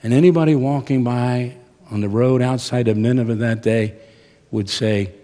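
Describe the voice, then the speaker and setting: A man in his sixties, a seminary professor, preaching a chapel sermon with dramatic swings from hushed to loud. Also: medium pitch. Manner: slow, deliberate preaching. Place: large chapel hall. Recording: long reverb of a large hall.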